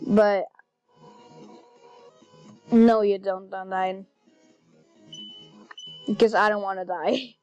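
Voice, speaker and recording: A woman chatting casually while playing a video game, excitable and easily flustered. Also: mid-range voice, extremely slow, long pauses, lo-fi sound. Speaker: gaming channel host. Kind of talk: casual gameplay commentary. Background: faint game music.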